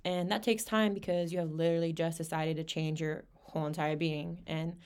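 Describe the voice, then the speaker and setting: Young female podcast host, lowish voice, candid and slangy, swears freely. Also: flat delivery, a little fast, darkish tone, smooth. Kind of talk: casual personal monologue.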